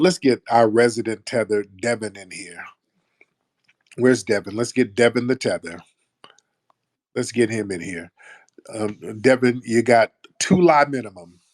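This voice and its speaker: A man's voice: medium pitch, animated, measured pace, long pauses, no echo, clean studio sound. A man hosting a comedic call-in show, mocking and repetitive as he confronts his callers. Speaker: host. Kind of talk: comedic call-in radio talk.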